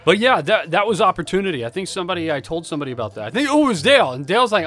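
A young man co-hosting a podcast, chatting casually and joking, quick to put on voices in his anecdotes. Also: high-pitched, sing-song, fairly bright tone, faint music behind. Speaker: podcast co-host. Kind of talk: casual chat.

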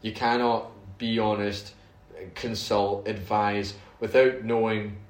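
A man's voice: on the low side, flat delivery, takes it slowly. A man co-hosting a casual podcast, easygoing and rambling. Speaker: podcast co-host. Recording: echoey room.

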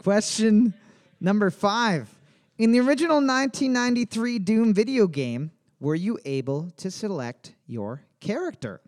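A man's voice: high-pitched, very animated, moderate pace, a little mellow. A man hosting a casual trivia podcast, reading each question twice and cracking crude jokes. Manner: jokey, swearing, reads questions twice. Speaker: trivia host.

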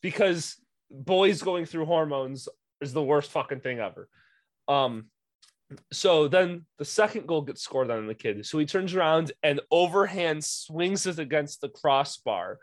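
A young man tells a story from coaching youth hockey, swearing freely and getting animated as he goes. His voice sits a bit high for a man. The sound is dry and close to the mic. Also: a little slow, no room sound. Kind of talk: casual podcast storytelling.

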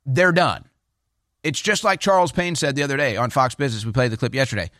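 A man's voice: mid-range voice, fast, a bit bright, no echo, studio quality. A man hosting a political talk show, delivering opinionated commentary with a mocking, sarcastic edge.

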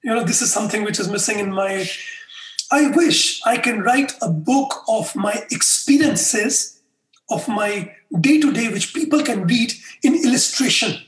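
Very high-voiced man in an echoey room. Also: a little slow, a little hiss or hum. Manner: animated storyteller who acts out dialogue. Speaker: interview guest, customer experience faculty member. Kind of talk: conversational interview, telling anecdotes.

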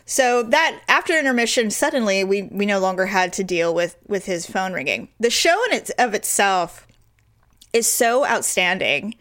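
A podcast co-host, an animated woman, tells a story at a moderate pace during casual chat. She acts out quotes in a high voice.

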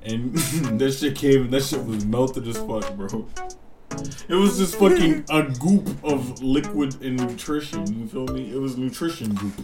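A young man co-hosting a casual podcast, loud and joking and swearing freely. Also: medium pitch, a little slow, music in the background. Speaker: podcast co-host. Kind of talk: casual chat.

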